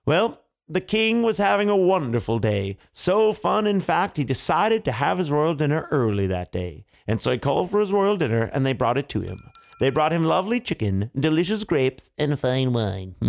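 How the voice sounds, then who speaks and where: Male family storyteller, playful asides, gravelly, very lively pitch, slightly high. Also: moderate pace. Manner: playful, chuckling asides to kids.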